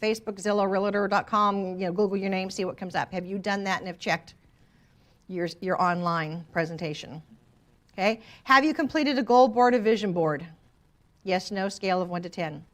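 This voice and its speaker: A woman's voice: medium pitch, moderate pace. A woman real estate trainer leading a workshop for a live class, teasing her students with playful asides. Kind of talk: workshop presentation. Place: training room with a live audience.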